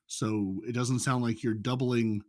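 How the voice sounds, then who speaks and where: A man from the United States on a casual podcast, reading out game numbers in a deadpan, methodical way. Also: mid-range voice, unhurried, dry recording, studio quality. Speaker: podcast co-host.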